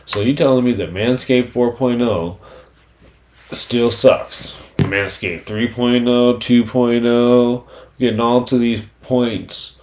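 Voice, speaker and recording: A man with a fairly low voice talks through a loose, profane solo podcast monologue, rambling from point to point. He drops filler phrases nonstop and swears freely. A faint hiss of background noise sits under the voice. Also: darkish tone. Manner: frequent "you know what I'm saying" fillers. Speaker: podcast host.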